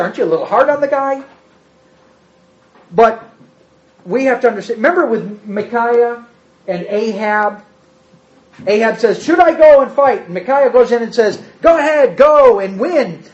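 A high-voiced man preaching a sermon, acting out quoted speech with sudden jumps up and drops to a hush. The recording is dull and lo-fi, with the top end muffled. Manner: animated, acts out quotes with big swings in pitch and loudness.

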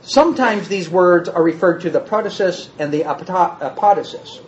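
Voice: medium pitch, lively intonation, normal speed, darkish tone. A preacher giving a teaching sermon who asks the listeners many rhetorical questions and plays with word meanings. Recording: dull roomy sound from a hall.

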